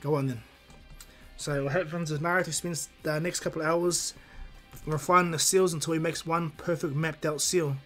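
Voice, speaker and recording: A man's voice: on the high side, fairly even intonation, normal speed, sharp tone, soft background music. A man casually telling an improvised fan-fiction story, rambling with many restarts.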